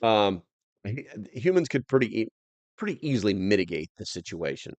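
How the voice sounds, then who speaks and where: A man's voice: on the low side, very animated, moderate pace, darkish tone, no room sound. An American man hosting a casual livestream, rambling loosely and reading viewer comments aloud. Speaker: livestream host.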